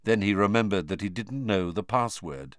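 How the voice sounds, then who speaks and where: A man narrating a storybook in an expressive reading style. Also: on the low side, normal speed, no room sound, studio quality. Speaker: audiobook narrator.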